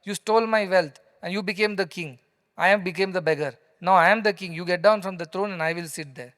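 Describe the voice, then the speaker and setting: Man doing a ragged wise man, Indian English accent, high voice, accusing and loud, long hall reverb. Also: fairly quick. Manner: accusing, shouting.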